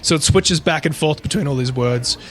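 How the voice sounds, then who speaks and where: A man with a fairly high speaking voice tells a creepy story to his co-host. He rambles, restarts and swears freely in a loose, chatty way. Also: moderate pace, soft background music. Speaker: podcast co-host. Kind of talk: casual storytelling chat.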